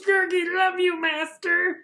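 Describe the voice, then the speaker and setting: Guy doing a yelpy eager lil creature, fawning, high. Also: little pitch movement, a little slow, sharp tone, roomy sound, heavily acted. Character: eager furry creature sidekick.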